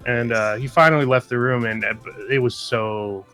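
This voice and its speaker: A man's voice: medium pitch, normal speed, music in the background. A man co-hosting a podcast in casual chat, telling a story with plenty of swearing. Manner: animated storyteller, swears freely. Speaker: podcast co-host.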